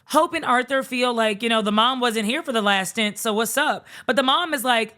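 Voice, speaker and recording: A woman's voice: fairly high pitch, moderate pace, hardly any pauses, sharp tone. A woman giving a blunt, sassy, profane comedic recap of a reality show, acting out the people's lines. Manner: acts out characters' quotes.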